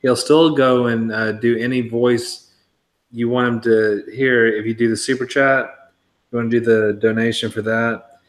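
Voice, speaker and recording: A man's voice: mid-range voice, measured pace. A man on a casual live stream, pointing viewers toward donations. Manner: plugging donations in an even tone.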